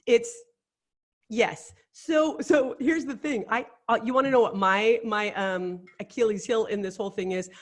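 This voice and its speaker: A woman's voice: fairly high pitch, a little slow. A middle-aged woman, a life coach, telling candid stories in casual chat. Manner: animated storyteller, candid and chatty.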